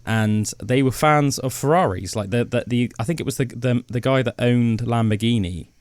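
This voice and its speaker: A man's voice: medium pitch, moderate pace, a little mellow, no room sound. A man co-hosting a podcast, telling a long story in a casual, rambling way with lots of fillers. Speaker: podcast co-host. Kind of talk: casual chat.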